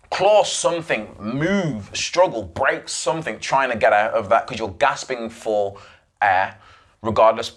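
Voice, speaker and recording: Young man, solo podcast host, rambling and emphatic, mid-pitched voice. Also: expressive, a little slow. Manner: rambling, emphatic retelling with restarts and asides.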